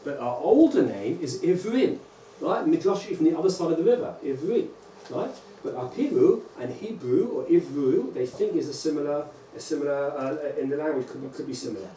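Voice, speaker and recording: A man, a rabbi, giving a lively conference lecture to teachers and often checking in with "right?" and "okay?". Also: a little high, fairly quick. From England. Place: large lecture hall. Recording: echoey hall, distant mic, faint hum.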